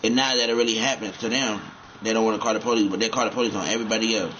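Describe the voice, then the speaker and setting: A man's voice: fairly low pitch, fairly even intonation, very fast, fairly bright tone, dull audio. A man rambling and cursing as he comments on a game he is playing, often repeating himself. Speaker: gamer.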